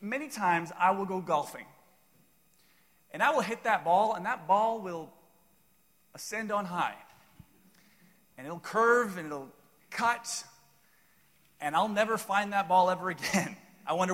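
A man preaching a sermon, telling a joking story in an animated way. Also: high voice, measured pace, long pauses, big-room sound. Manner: animated, jokey storyteller with playful asides. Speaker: pastor.

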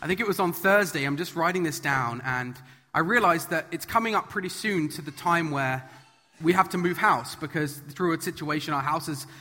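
A man's voice: fairly high pitch, moderate pace, pushed and bright. A man giving a sermon as a children's message, earnest and emphatic, building his points through repetition, in a church hall. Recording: long reverb of a large hall.

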